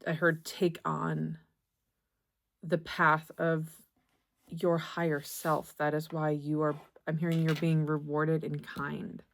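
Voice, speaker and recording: A young woman giving a tarot reading to camera, gentle and reassuring, halting often and restarting her phrases. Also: low-pitched, little pitch movement, creaky. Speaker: tarot reader.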